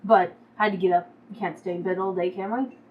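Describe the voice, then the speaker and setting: A woman's voice: mid-range voice, fast talker, recorded from a distance, lo-fi sound. A woman player talking casually in character in a tabletop game. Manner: casual, tired-sounding, relaxed.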